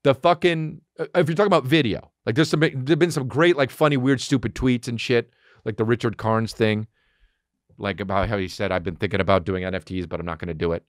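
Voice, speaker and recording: A man hosting a comedy podcast, reacting to a clip with loud, profane, laughing commentary. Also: medium pitch, steady tone, quick pace, no echo, clean studio sound. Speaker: podcast host.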